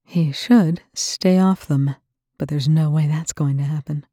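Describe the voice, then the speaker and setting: A woman's voice: low voice, measured pace, dark tone, no echo, clean studio sound. Woman doing a stern, tired medic. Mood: firm. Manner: firm, matter-of-fact.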